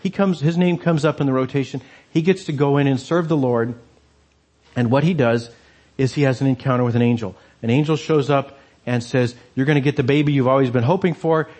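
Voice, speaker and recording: Husky man preaching a sermon. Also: mid-range voice, steady tone, brisk, darkish tone. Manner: conversational, asks many rhetorical questions.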